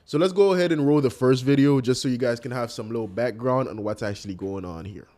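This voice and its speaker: A young man hosting a casual commentary video, talking straight to his viewers with animated disbelief. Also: medium pitch, fast. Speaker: commentary host.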